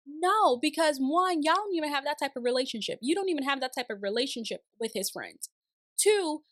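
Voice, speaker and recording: A woman's voice: high voice, fairly bright tone, no room sound, studio quality. A young woman recapping a reality show in casual, sassy commentary with exasperated, opinionated asides.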